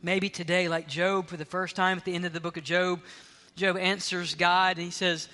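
A man preaching a sermon as pastor, passionate, swinging from loud, urgent lines to hushed near-whispers. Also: high voice, little pitch movement, moderate pace, hardly any pauses. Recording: long reverb of a large hall.

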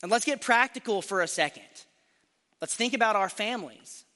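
A man preaching a sermon to a congregation, earnest and emphatic, slowing down to stress key phrases. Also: high-pitched, bright, forceful tone. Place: church sanctuary. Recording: church hall reverb.

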